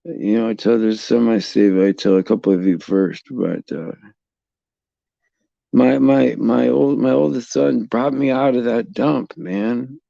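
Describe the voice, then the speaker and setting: A middle-aged man hosting a casual faith talk for viewers, halting and repeating words as he restarts his sentences. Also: mid-range voice, vocal fry, dark tone, no room sound, dull audio. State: tearful at times. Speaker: host.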